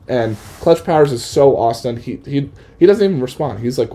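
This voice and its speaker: A man's voice: mid-range voice, expressive, a little fast, warm tone. A man narrating an improvised comedic story in a playful, rambling way. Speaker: podcast host.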